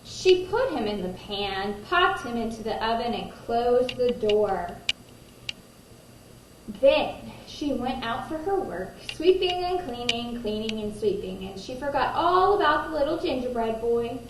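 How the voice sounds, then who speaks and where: A woman kindergarten teacher reading a picture book aloud to children, gentle, pausing to ask them questions. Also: fairly high pitch, very animated. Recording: roomy echo, distant mic, faint noise.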